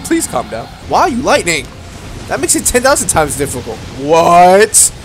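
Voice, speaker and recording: A young man giving casual, excitable, slangy commentary while playing a game, talking straight to the enemies he fights. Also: high-pitched, brisk, noisy background. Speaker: gaming video creator. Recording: voice over game music.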